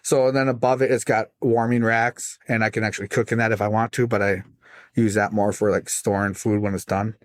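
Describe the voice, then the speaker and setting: A man, a guest pitmaster, telling his story in casual, animated chat on a studio podcast. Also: lowish voice, fairly quick, no room sound. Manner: animated, acts out voices in his stories.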